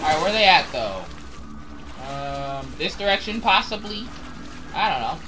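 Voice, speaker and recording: A young man giving casual gameplay commentary, excitable, swearing and shouting at enemies. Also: on the high side, a little slow, music in the background. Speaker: gaming channel host.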